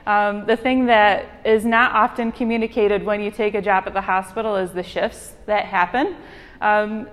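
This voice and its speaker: A woman's voice: mid-range voice, steady tone, moderate pace. Young woman, Michigan accent, chaplain, informal sermon, chatty with ums, reverberant hall. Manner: chatty, frequent ums, self-deprecating. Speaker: hospital chaplain giving a sermon.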